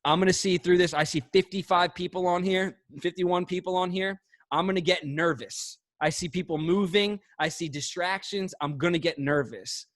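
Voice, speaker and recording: A man giving motivational sales coaching on a video call, emphatic and punchy, swinging between fast bursts and drawn-out words. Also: sits high, fairly bright tone, dry recording. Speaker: sales trainer.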